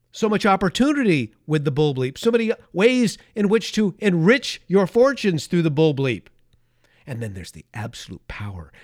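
A man's voice: sits high, no echo, clean studio sound. A man hosting a political talk show, delivering a heated opinion monologue with emphatic stresses and frequent restarts. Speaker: political commentary host.

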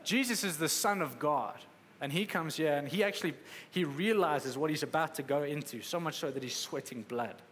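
Emphatic preacher in an echoey hall. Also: male voice, a little high, moderate pace, hardly any pauses, a bit bright, slight background noise. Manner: emphatic, conversational preaching with acted-out quotes. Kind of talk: sermon. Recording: echoey hall with faint ambience.

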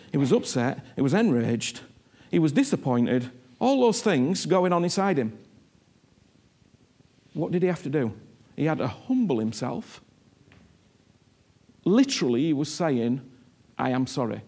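A man preaching a sermon who speaks emphatically, repeats his words, acts out what people and God might say, and drops low and soft when he prays. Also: very animated, unhurried, pauses often, slightly rough. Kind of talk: sermon with prayer.

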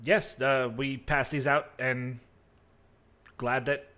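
A man voicing a courteous brothel receptionist woman in a tabletop game, welcoming with halting fillers. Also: medium pitch, level tone, sharp tone.

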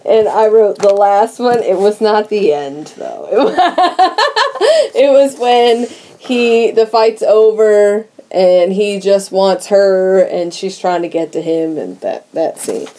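A woman's voice: mid-range voice, animated, slow, warm tone. A woman co-hosting a casual podcast chat, offhand and giggly. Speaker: podcast co-host.

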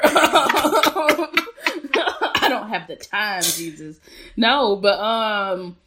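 A woman's voice: medium pitch, animated, extremely slow, fairly bright tone. A woman co-hosting a podcast, ranting bluntly and profanely in casual chat with her partner. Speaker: podcast co-host.

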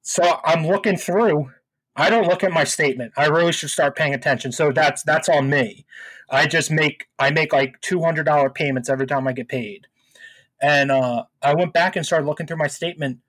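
A young man talks in a casual podcast chat, ranting profanely about rude callers. His voice sits a little high and sounds husky. He tells his stories with plenty of animation. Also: moderate pace, no room sound. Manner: profane, venting, animated storytelling. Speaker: podcast co-host.

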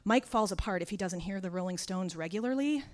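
A woman's voice: medium pitch, a little fast, a little hiss or hum. Wry woman telling a story. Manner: wry, deadpan humor turning raw and intense. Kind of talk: first-person spoken storytelling.

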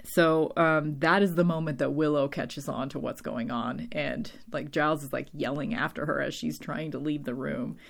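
Talking at a normal speed with hardly any pauses, a woman with a low, creaky voice and a steady tone runs through a TV episode. The recap is casual and rambling, heavy on "like" and "um," and her voice is tiring after long talking.

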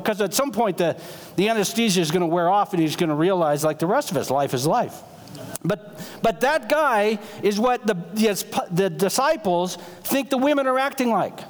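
A male pastor delivers a sermon in an animated, conversational way, sliding easily into stories. His voice sits high for a man. It carries the long reverb of a church sanctuary. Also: a little hiss or hum.

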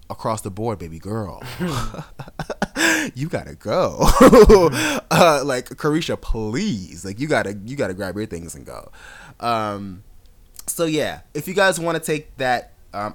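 Sassy, lively-pitched male podcast host. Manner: animated, sassy storytelling with frequent laughs. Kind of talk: casual chat.

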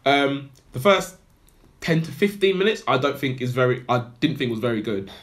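A man's voice: medium pitch, expressive, normal speed. A man co-hosting a casual film review podcast, rambling through his opinions with lots of fillers. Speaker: podcast co-host.

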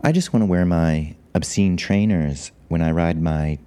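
A man's voice: sits low, normal speed, mellow, clear, resonant tone. A man hosting a casual recording, wry and self-mocking. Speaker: podcast host. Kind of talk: casual chat and monologue.

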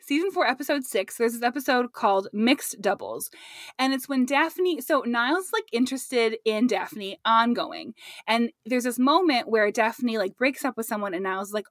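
A young woman chatting casually as a podcast co-host, animated and laughing often as she acts out characters' lines. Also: a little high, normal speed, no room sound, clean studio sound. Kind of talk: casual chat recapping a sitcom.

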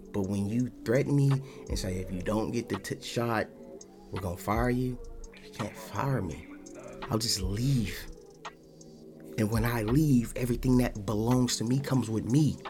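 A podcast host delivers a casual monologue in a mid-range voice, blunt and defiant, swearing freely and often restarting his sentences.

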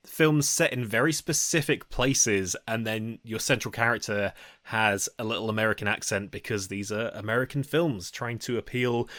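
A man's voice: medium pitch, fairly bright tone, dry recording, clean studio sound. A man co-hosting a film podcast, chatting bluntly and giving frank opinions in casual discussion. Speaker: podcast co-host.

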